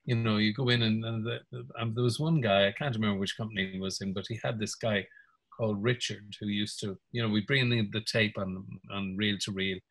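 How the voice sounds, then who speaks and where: A man's voice: fairly low pitch, fairly even intonation, brisk, a bit bright, low-quality recording. An older Irish man, a music producer, reminiscing casually in an interview, telling stories with frequent chuckles and little impressions of people. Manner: anecdotal, chuckles often, mimics voices in stories.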